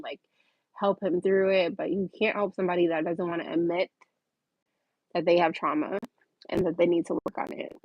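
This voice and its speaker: Woman, livestream chat, candid storytelling, lowish voice, dry close sound. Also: no room sound, lo-fi sound. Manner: candid, animated storytelling, reads viewer comments. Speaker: livestream host.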